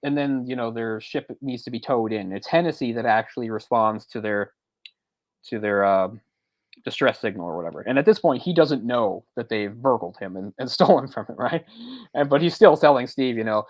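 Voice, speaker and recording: Man, casual podcast co-host, rambling retelling, restarts and chuckles, mid-pitched, dry close sound. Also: lively intonation, a little fast, no echo. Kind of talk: casual movie discussion chat.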